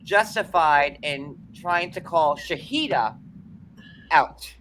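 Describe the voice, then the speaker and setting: Bright-voiced chatty male show host. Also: on the high side, slow, a little hiss or hum. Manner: animated, heavy filler words, acts out quotes loudly. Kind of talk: casual panel chat.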